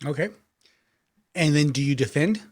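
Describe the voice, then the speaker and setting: A man's voice: on the high side, animated, moderate pace. A man narrating loosely as game master, chatty and full of fillers. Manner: loose, chatty scene-setting with many fillers.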